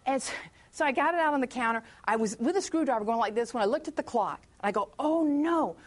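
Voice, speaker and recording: A woman speaking at a church meeting, telling a personal testimony as a chatty story, acting out her own prayers and thoughts and breaking off to welcome people coming in. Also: on the high side. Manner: chatty storyteller who pauses to greet latecomers.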